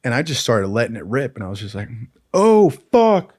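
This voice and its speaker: A man's voice: fairly low pitch, very fast, slightly rough, dry recording, clean studio sound. Laid-back man swearing through a story. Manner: profane, laid-back, keeps saying "dude". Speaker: storyteller recalling military training. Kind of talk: casual crude anecdote telling.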